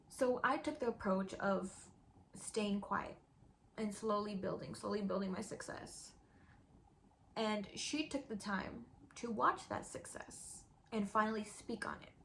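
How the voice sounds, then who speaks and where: A young woman with a fairly high voice tells a casual, candid storytime for her YouTube channel, saying "like" and "girl" a lot. Some slight background noise is audible.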